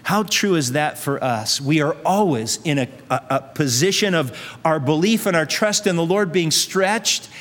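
Speaking at normal speed with few pauses, this preacher urges his congregation on through repetition and rhetorical questions. His voice is on the high side, animated and fairly bright, echoing with the long reverb of a big hall.

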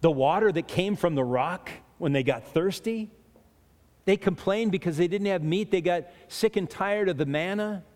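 A pastor delivers a sermon in a chatty style, frequently starting over and chuckling between points. His voice sits high and has a darkish tone, and he speaks at normal speed. The recording carries a long hall reverb.

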